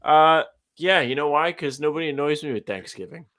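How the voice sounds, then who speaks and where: A man's voice: fairly high pitch, fairly quick, a bit bright. A man co-hosting a casual sports podcast, making laid-back, dry remarks and reading the sign-off. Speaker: podcast co-host. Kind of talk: casual chat.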